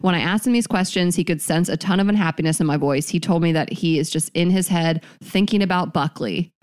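Lower-voiced woman cohost reading out a listener story, dry and plain, casual podcast chat. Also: brisk, darkish tone, smooth. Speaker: podcast co-host.

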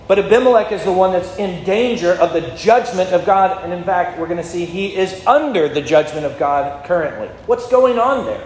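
A man's voice: a little high, lively intonation, normal speed, darkish tone, slight background noise. A man, a pastor, preaching a sermon in a conversational way and asking his listeners questions. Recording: echoey hall with faint ambience.

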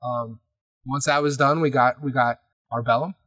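A man's voice: mid-range voice, normal speed, slightly rough, dry recording. A man on a podcast recapping a tabletop game session in casual chat, swearing freely and acting out what others said. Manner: animated, swears often, acts out quotes.

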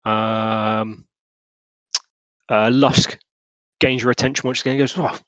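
A man's voice: on the low side, steady tone, slow pace, fairly bright tone, dry recording, lo-fi sound. A man narrating a tabletop game as game master, with frequent hesitations and restarts.

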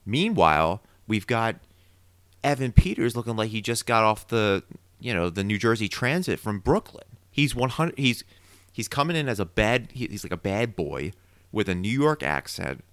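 A man co-hosting a podcast, casually recapping a TV episode with opinionated, animated theorizing. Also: fairly low pitch, moderate pace, no echo. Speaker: podcast co-host.

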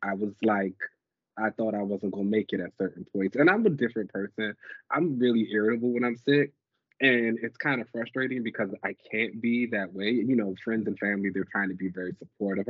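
A man's voice: lowish voice, fairly quick, husky, no echo. A man co-hosting a podcast in casual chat, still congested from the flu, telling stories expressively. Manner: expressive, acts out others' words in storytelling. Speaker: podcast co-host. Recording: dry, dull lo-fi sound.

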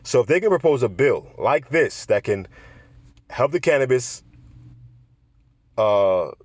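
A man hosting a casual commentary show, talking in an animated, digressive way with wry asides. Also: mid-range voice, measured pace, slightly rough, dry recording. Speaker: podcast host.

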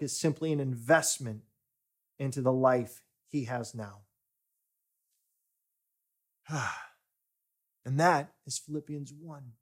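Man, pastor, sermon, unhurried delivery, somewhat high voice, swells and hushes. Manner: slow, deliberate preaching that swells for emphasis and drops to near-whispers.

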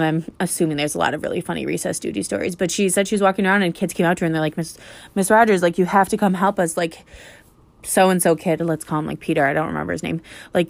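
A young woman, a high school teacher, telling stories casually with lots of "like" and "um". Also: no echo. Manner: chatty, lots of "like" and "um". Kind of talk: casual storytelling.

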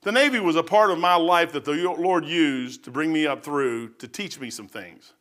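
A man's voice: fairly high pitch, moderate pace. Folksy older preacher man. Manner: folksy, animated, acts out other people's voices. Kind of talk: testimony-style sermon, storytelling.

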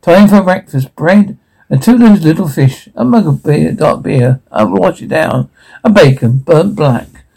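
A sardonic, quick-witted nobleman with a dry, mocking edge, as a man reads him from a script. The voice sits slightly high but sounds gravelly and mellow, with a lot of fry. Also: lively intonation, exaggerated voice. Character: witty sardonic dwarf nobleman, adult male. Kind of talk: amateur read-through of a script.

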